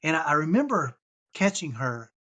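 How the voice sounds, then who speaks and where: Husky earnest man telling his story. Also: on the high side, very animated, moderate pace, bright, forceful tone. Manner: earnest, tags points with "right?". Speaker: podcast guest.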